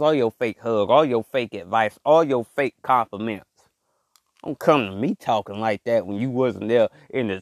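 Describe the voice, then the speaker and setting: A man's voice: mid-range voice, no echo, studio quality. A man and father hosting a motivational monologue, emphatic and repetitive, in casual slang. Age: adult father. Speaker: podcast host.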